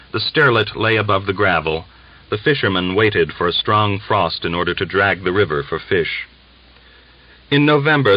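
A man reading a novel aloud as an audiobook narrator, measured and steady. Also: low voice, muffled recording.

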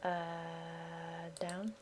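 A woman's voice: on the low side, completely flat delivery, extremely slow, noisy background. A woman hosting a let's-play, jittery and giggly, gasping and exclaiming as she plays, speaking into a headset mic at home. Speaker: gaming channel host. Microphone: headset mic with headphones.

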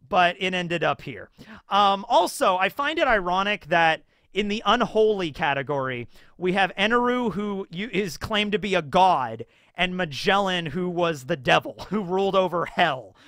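A man rambles through casual anime commentary, animated and full of fillers. His voice sits high and sounds bright and forward. The recording is close and dry. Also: no room sound.

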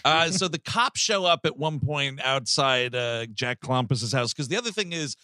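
A man's voice: mid-range voice, expressive, normal speed, sharp tone, dry recording, studio quality. A man hosting a comedy movie podcast, telling the plot with swearing and acted-out lines. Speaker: podcast host. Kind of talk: casual comedic movie discussion.

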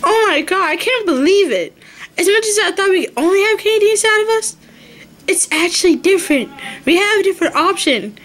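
A woman voicing a chatty, girly female Easter egg who talks in excited, gushing bursts. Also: very high voice, a little fast. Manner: gushing, excitable girlfriend talk.

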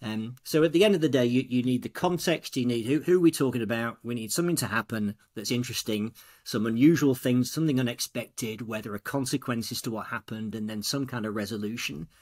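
A man, a storytelling coach on a podcast, talking casually and acting out quoted dialogue as he tells stories. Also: medium pitch. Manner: animated, acts out quoted dialogue.

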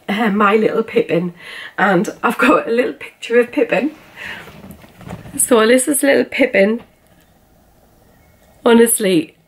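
A middle-aged British woman chatting casually to camera in a home vlog, gushing and rambling with lots of fillers. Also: medium pitch. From United Kingdom. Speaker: vlogger. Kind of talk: casual haul vlog chat. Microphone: camera on a tripod, then handheld.

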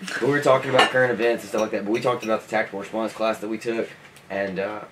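A lowish-voiced man rambles through a casual chat, leaning on fillers as he talks. Loud noise and the clink of dishes sit behind him. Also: fairly even intonation, fast talker. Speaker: show regular. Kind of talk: casual chat about a training class.

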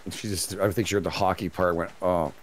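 A man's voice: deep voice, steady tone, racing. A middle-aged man hosting a co-op game stream, chatting casually and singing snatches of songs. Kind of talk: casual gaming chat.

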